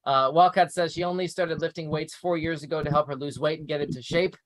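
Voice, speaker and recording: A man's voice: a little high, fairly even intonation, fast talker, no room sound. A man hosting a live news review show, reading articles aloud with chatty asides. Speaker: show host.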